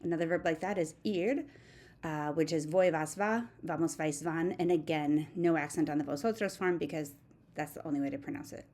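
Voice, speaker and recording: A woman with a lowish, mellow voice works through a recorded grammar lesson. She is steady and methodical, reciting verb forms one at a time like a patient teacher. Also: fairly quick. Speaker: Spanish teacher.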